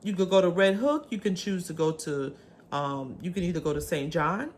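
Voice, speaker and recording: A woman vlogger chatting casually to camera in a chatty, animated way, with swooping pitch and many ums. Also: normal speed, a little hiss or hum.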